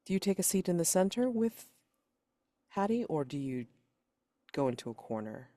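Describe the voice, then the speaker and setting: A man's voice: a little high, sing-song, moderate pace, mellow, dry recording. A man running a tabletop game as game master, casual and rambling with lots of filler words.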